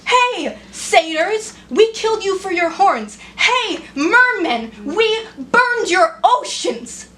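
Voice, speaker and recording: A guilt-ridden, weary male archer, played by a woman, pleading in a high voice that climbs as he pours out his remorse. Faint ambient noise sits under the table recording. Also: lively intonation, slow pace, long pauses, fairly bright tone, exaggerated voice. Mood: anguished. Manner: pleading, then passionate and rising.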